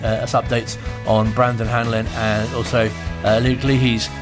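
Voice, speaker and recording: A man's voice: mid-range voice, flat delivery, moderate pace, music in the background. A man hosting a local radio sports show, hesitant with many uhs.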